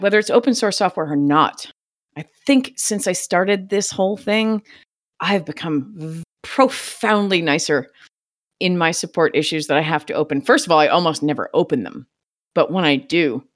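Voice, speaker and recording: Woman guest, casual talk, lively swooping delivery, acts out quotes, salty language. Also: on the low side, normal speed. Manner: animated storyteller, swears casually, acts out quotes. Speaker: podcast guest, open source software creator. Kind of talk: casual chat.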